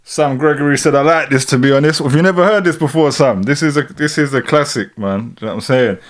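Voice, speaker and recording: A man in his thirties with a London accent, hosting a casual live stream, reacting to a song and reading out viewer comments in a relaxed, rambling way. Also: medium pitch, quick pace, faint music behind. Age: 30s. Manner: relaxed, rambling, keeps saying "do you know what I'm saying". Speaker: livestream host.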